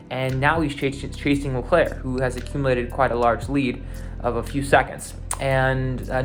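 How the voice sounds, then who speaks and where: A man's voice: medium pitch, fairly bright tone. A man hosting a show, giving a loose, unscripted recap of a car race, with lots of fillers and restarts. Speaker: podcast host recapping a race.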